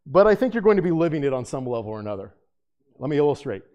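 A male pastor teaching a Bible study to a live room in a conversational sermon style. His voice sits fairly high yet sounds warm and mellow. He jokes with the room, then turns hushed and earnest in prayer. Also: racing, highs cut off. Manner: joking, animated teaching with asides to the room.

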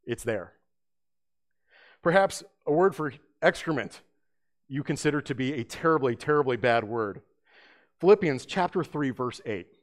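A man's voice: expressive, normal speed, long pauses. A middle-aged man preaching a sermon, conversational and storytelling, full of rhetorical questions. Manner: hushed and low during prayer. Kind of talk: sermon with opening prayer.

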